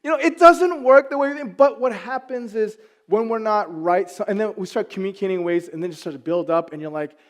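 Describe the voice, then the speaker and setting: A man's voice: high voice, a little fast, hardly any pauses. A man in his thirties preaching a sermon as a pastor, telling family stories with self-deprecating humor before turning earnest.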